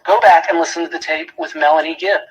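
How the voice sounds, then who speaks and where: A man's voice: a little high, steady tone, fast, slight background noise, poor audio. A man giving a prosecutor's closing argument in a courtroom, emphatic, repeating key phrases and asking rhetorical questions.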